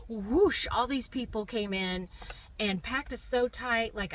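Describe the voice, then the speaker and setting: Middle-aged woman, bright tone; chatty storyteller, filler-heavy, giggly. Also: mid-range voice. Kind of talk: personal anecdote.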